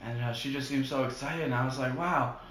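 A man's voice: medium pitch, steady tone, fast talker, reverberant. A young man from New Jersey co-hosting a casual podcast chat, goofy and full of surfer slang. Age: young adult. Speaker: podcast co-host.

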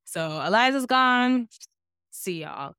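A young woman co-hosting a podcast, chatting casually about a reality show and reacting quickly. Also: a little high, expressive, pushed and bright, clear, resonant tone, dry recording, studio quality. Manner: agreeable, backchannels and quick reactions. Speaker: podcast co-host.

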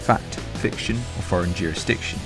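A man reading a scripted podcast introduction in a measured, formal way. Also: deep voice. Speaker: podcast host. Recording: voice over guitar music.

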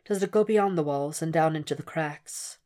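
A woman voicing a calm, cold, cultured male doctor who speaks in a soft, measured, quietly mocking way. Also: deep voice, close to an everyday voice. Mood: taunting.

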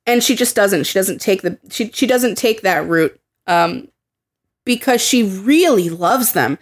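A woman's voice: medium pitch, lively intonation, a little slow. A young woman co-hosting a casual podcast chat, heated and swearing freely as she acts out quotes. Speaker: podcast co-host.

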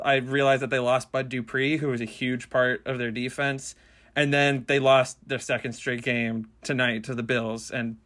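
A man's voice: medium pitch, a bit bright. A man co-hosting a sports podcast, chatting casually and teasing his co-host.

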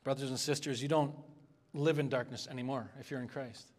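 A man's voice: medium pitch, steady tone, fairly quick. A man preaching an expository sermon as a pastor, earnest and conversational, asking the congregation for responses.

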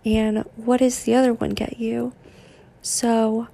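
A young woman hosting a podcast, giving a casual motivational monologue in a deadpan, monotone way. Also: on the high side, moderate pace, gravelly. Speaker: podcast host.

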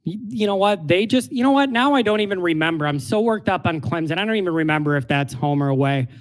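A man's voice: sits high, expressive, fast talker. A man co-hosting a casual sports podcast, talking in an emphatic, opinionated way.

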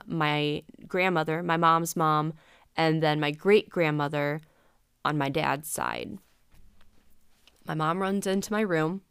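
A woman's voice: on the low side, smooth, no echo, clean studio sound. A young adult woman hosting a podcast, telling a personal story in a candid, rambling way full of fillers and acted-out dialogue. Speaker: podcast host.

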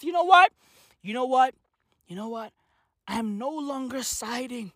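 Speaking quickly in a comic vlog, this South African woman swears nonstop and peppers her rant with slang like "bruh" and "fam." Her pitch is high and leaps around a lot as she gets animated. There's no echo in the dry recording.

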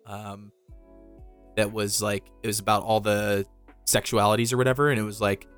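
A man with a low voice talks casually on a podcast, relaxed and swearing often. He keeps slipping in filler words as he talks. Quiet music plays underneath. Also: normal speed, clear, resonant tone. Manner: relaxed, profane, says dude a lot. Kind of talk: casual chat.

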